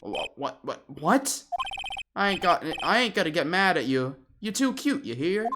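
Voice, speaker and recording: A woman voicing a loud, rough-talking middle-aged mob boss in a game playthrough, using slangy threats. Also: fairly low pitch, big pitch swings, moderate pace, very noisy, pitched above the performer's own voice. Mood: blustering.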